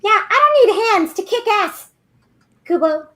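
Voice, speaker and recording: Squeaky brash Moogle. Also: female voice, expressive, measured pace, fairly bright tone, heavily acted. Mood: cocky. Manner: squeaky, brash, wobbly accent. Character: cocky hyper female Moogle creature.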